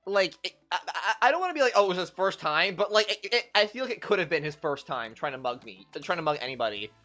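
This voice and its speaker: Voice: medium pitch, very animated, quick pace, pushed and bright. Rambling young streamer, faint music behind. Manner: rambling storytelling, heavy on "like" fillers. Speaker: game streamer. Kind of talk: casual livestream chat.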